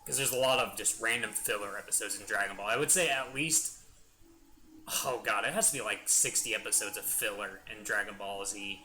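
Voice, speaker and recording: Young guy rambling through a let's play, super bright sharp voice, excited and chatty. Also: lowish voice, brisk, slight background noise. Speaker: gaming channel host.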